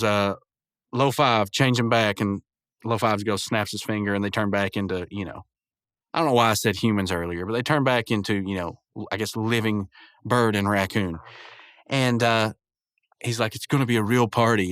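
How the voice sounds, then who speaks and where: A man's voice: medium pitch, a bit bright, clear, resonant tone, dry recording, studio quality. A man casually recapping and reviewing a cartoon episode, laughing often, rambling and correcting himself as he goes. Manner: laughs often while retelling. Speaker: show reviewer.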